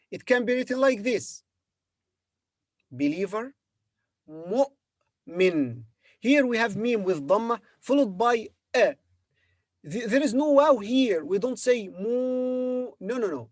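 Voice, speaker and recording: Slow patient teacher, man. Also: sits high, creaky, dry recording, clean studio sound. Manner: patient, repeats words slowly with hesitant fillers. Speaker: Arabic teacher. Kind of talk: slow spoken language lesson.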